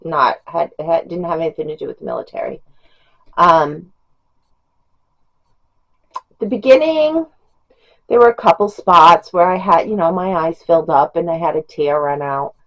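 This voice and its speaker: A woman's voice: low-pitched, lively intonation, normal speed, long pauses, highs cut off. A middle-aged woman chatting casually as a book reviewer, rambling with fillers and small laughs. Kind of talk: casual chat.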